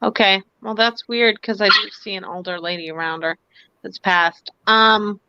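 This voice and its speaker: A woman's voice: medium pitch, fairly even intonation, moderate pace, lo-fi sound, noisy background. A woman giving a casual psychic reading on a live stream, hesitant, with fillers and small laughs. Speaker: psychic reader.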